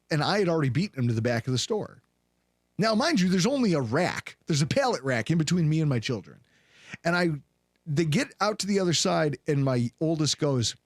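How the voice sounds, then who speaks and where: A man in his thirties hosting a sports podcast, telling a story with lively acted-out voices. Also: a little high, a little fast, no room sound, studio quality. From Buffalo, New York area. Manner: animated, acts out voices in anecdotes. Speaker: podcast host.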